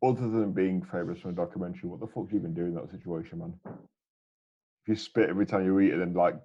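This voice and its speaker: Husky, deep-voiced sweary man. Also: fairly even intonation, fast talker, highs cut off. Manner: sweary, stammering restarts, enthusiastic. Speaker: podcast co-host. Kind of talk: casual chat.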